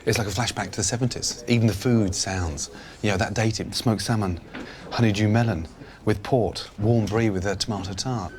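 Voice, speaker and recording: A man hosting as a chef, blunt and animated, swearing freely as he inspects a restaurant. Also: fairly low pitch, normal speed, hardly any pauses. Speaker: chef host visiting a failing restaurant. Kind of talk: reality TV walkthrough and commentary. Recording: background music under speech.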